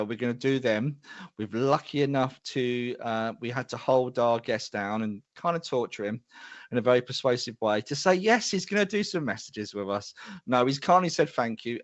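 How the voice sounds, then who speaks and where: A man's voice: mid-range voice, no echo, muffled recording. A middle-aged man hosting a live show, chatty and self-deprecating as he greets viewers by name. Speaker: host.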